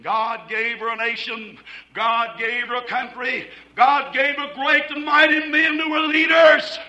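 A man preaching a fiery sermon, shouting in a rhythmic, repetitive cadence. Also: very high voice, flat delivery, measured pace, roomy sound, rough recording.

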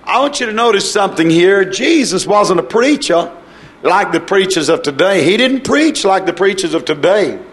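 A man preaches with a high, ringing voice, driving each point home. He slips into the voices of the people he quotes as he goes. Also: a bit bright. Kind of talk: sermon.

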